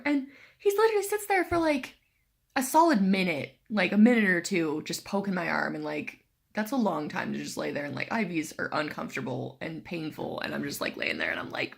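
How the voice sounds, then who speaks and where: A woman's voice: mid-range voice, big pitch swings, brisk, vocal fry, husky. A young woman tells a story to the camera in a casual vlog, chatty and sarcastic, filling her talk with "like". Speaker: cancer patient vlogger.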